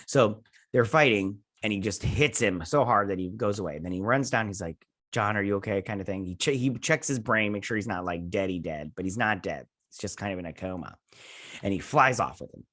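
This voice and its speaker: A young man hosting a review channel, retelling a TV episode in an excited, rambling way full of "he's like". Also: on the low side, a little fast, no room sound, clean studio sound. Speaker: host and TV reviewer. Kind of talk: casual episode recap.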